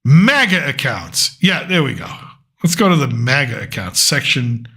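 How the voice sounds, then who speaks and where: A man's voice: mid-range voice, very animated, normal speed, a bit bright. A man hosting a casual political commentary show, thinking aloud and rambling as he reads through lists. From United States.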